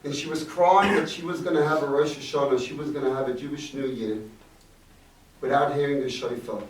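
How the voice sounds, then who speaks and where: A man's voice: fairly high pitch, steady tone, a little fast. A middle-aged man, a rabbi, telling a reflective personal story to an audience, with Yiddish words mixed in. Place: event hall. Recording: echoey room, distant mic, faint noise.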